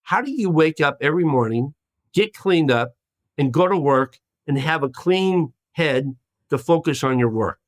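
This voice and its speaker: A man in his sixties, a podcast guest telling a long story in a lively way and acting out the voices of the people in it. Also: a little high, normal speed, no room sound. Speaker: guest, former hostage.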